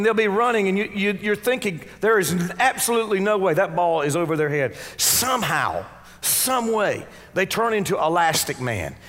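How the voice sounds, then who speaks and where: High voiced preacher guy, fired up, sermon w lots of repeating and call-and-response, long echoey church reverb. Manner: fervent, swings from quiet asides to shouted exhortation.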